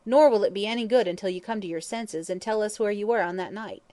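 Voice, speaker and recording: A woman reading an audiobook, voicing a blunt, cynical middle-aged male lawyer with a sharp, exasperated manner. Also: mid-range voice, fast talker, no room sound, lightly acted.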